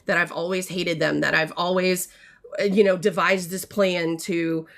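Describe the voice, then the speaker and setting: A woman's voice: fairly low pitch, fairly even intonation, normal speed, vocal fry. Frustrated mother venting on a livestream. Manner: frustrated, indignant, rambling with fillers. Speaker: mother telling a family story. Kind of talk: casual storytelling to viewers. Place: home art studio. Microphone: livestream mic.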